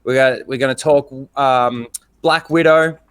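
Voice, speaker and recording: A man's voice: medium pitch, fairly even intonation, a little slow, a bit bright, clean tone, dry recording. A man co-hosting a livestream chat on video call, enthusiastic as he welcomes everyone. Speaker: co-host, streamer. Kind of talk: casual chat.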